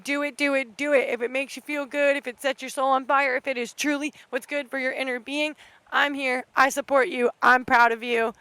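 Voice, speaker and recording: A woman's voice: sits high, level tone, moderate pace, sharp tone, no echo. Fiery, profane young woman ranting. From United States. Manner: profane, impassioned, rambling. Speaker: podcast host. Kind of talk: unscripted solo rant. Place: outdoors at night.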